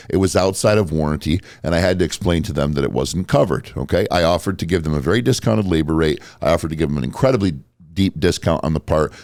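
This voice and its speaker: A man with a very low voice hosts a podcast and tells stories bluntly, swearing freely. His nose is a little stuffy. The sound is dry and close to the mic. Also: a little mellow, no echo. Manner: blunt, profane storytelling. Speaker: podcast host. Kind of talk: casual podcast chat.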